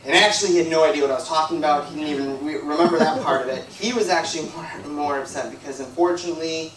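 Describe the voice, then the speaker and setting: A guest preacher with a fairly high voice talks fast over a noisy crowd, rambling conversationally through a personal story with plenty of "like" and "you know." The setting is a church hall, and the distant recording sounds echoey.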